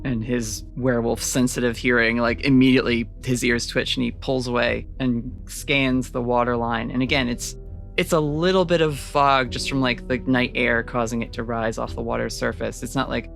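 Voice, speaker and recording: Gravelly-voiced game master narrating. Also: mid-range voice, flat delivery, moderate pace, fairly bright tone, soft background music. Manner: casual narration with many "like" fillers.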